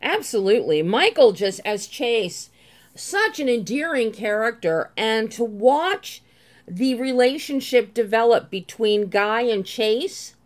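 A woman's voice: on the high side, sing-song, takes it slowly. A woman interviewing a film director, asking enthusiastic, appreciative questions.

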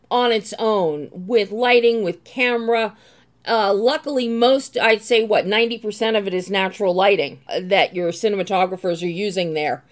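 Slow-spoken woman interviewer. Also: mid-range voice. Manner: enthusiastic, praising questions. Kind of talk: film interview.

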